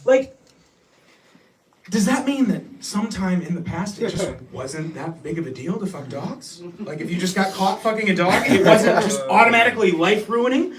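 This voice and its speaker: A man doing a crude, rambling stand-up comedy set, often shouting and laughing. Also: sits high, expressive, moderate pace, far from the mic, a little hiss or hum. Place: small comedy venue.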